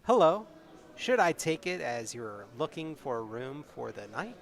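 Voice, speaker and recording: A man's voice: fairly high pitch, sing-song, measured pace, vocal fry, exaggerated voice. A man doing a chatty village landlady. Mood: welcoming.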